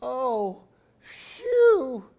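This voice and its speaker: A man voicing a small scared owl who wails in a high, squeaky voice, reading a picture book aloud. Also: very animated, vocal fry, narrow, tinny audio, exaggerated voice. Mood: relieved. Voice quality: high wailing. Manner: drawn-out, squeaky. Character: small scared owl hiding in a tree, crying.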